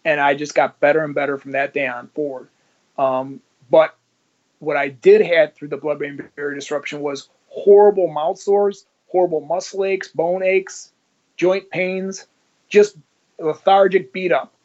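A man's voice: a little high, fairly even intonation, a little slow, a little mellow. A man telling his story as a guest in casual, blunt talk, swearing freely and acting out the dialogue he quotes. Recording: dull lo-fi audio.

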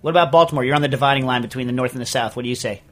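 A middle-aged man from Vermont hosting a casual podcast chat, rambling and ranting with animated energy. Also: medium pitch, racing. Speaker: podcast host.

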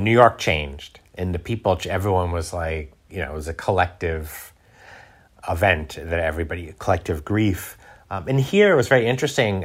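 Man, middle-aged, low pitch, casual interview talk, rambling with restarts. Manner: rambling, many restarts and fillers, laughs often. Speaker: guest, food writer.

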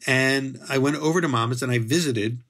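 A middle-aged man from the Philadelphia area chats as an interview guest. His voice is a little husky and sits at an ordinary pitch. He tells stories in a lively way and plays out the dialogue himself. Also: fairly quick. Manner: lively storyteller who acts out dialogue. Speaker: guest, bread author. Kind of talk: casual storytelling interview.

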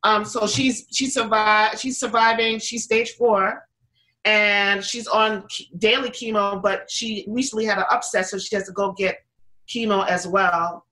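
A woman's voice: mid-range voice, fairly even intonation, unhurried, sharp tone, rough recording. A woman guest in an interview, telling her story in a casual, chatty way with many fillers and restarts, acting out what others said. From United States. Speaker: interview guest, pizza business owner.

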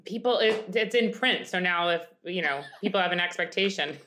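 A woman's voice: fairly low pitch, a little fast, fairly bright tone, a little hiss or hum. Joking, profane woman podcast host. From Long Island, New York. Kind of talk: casual chat.

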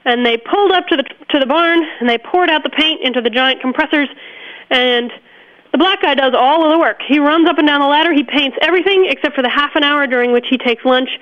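A woman's voice: high-pitched, fast, muffled recording. Chatty woman telling stories on a radio show. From upstate New York. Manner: chatty, laughs often, with small restarts. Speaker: nursery owner, guest. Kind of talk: relaxed storytelling in an interview.

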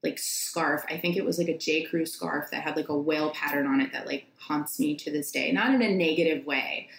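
A woman in her thirties, a nurse practitioner and podcast guest, speaking heartfelt and halting with many restarts. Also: sits low, gravelly, fairly bright tone, reverberant, slight background noise, low-quality recording. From United States. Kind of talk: casual conversation.

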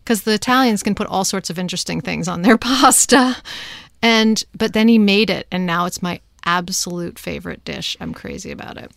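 A middle-aged woman, a guest in an interview, talking in a lively way and laughing often. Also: medium pitch, normal speed, vocal fry, no echo, clean studio sound. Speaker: guest, co-founder.

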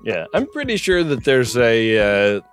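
A man with an average-pitched voice co-hosts a comedy podcast. He rambles through loose, joking banter with a faint bed of music underneath. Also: huge pitch swings, a little slow. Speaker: podcast co-host. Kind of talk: casual comedic chat.

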